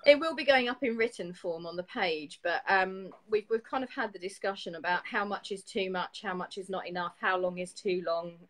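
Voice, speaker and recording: A woman hosting a poetry show, reading poems in a steady, even way and chatting briskly with her co-host. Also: medium pitch, rough recording. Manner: steady, even reading with quick laughs in chat. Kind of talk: casual chat and reading poetry aloud.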